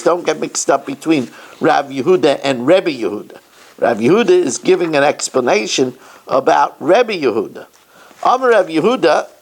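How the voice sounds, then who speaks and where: A man's voice: on the high side, vocal fry. A man, a rabbi, giving a daily Talmud lesson. He reads Aramaic phrases aloud, explains them in English, and slips in playful asides. He sounds a little winded. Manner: animated teacher with playful asides.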